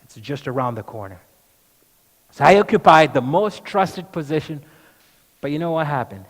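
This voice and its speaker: A man's voice: on the high side, animated, moderate pace. A man speaking in character as the apostle Peter, an outspoken, impulsive fisherman, in an earnest monologue that questions the audience directly. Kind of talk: dramatic first-person monologue. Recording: echoey hall reverb.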